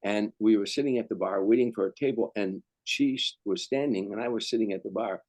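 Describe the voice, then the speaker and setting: A man's voice: on the low side, a little fast, darkish tone, no echo, poor audio. An older male comedian telling anecdotes as a guest, rambling and restarting sentences. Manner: rambling, repeats words, restarts. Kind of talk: anecdotal storytelling.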